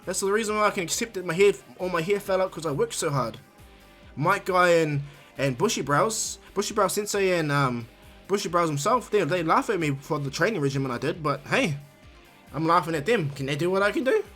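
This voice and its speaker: A man's voice: high-pitched, lively intonation, fairly quick, a bit bright, faint music behind. A man voicing a brash, overpowered young male ninja who talks bluntly and teases. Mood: cocky. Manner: blunt, teasing.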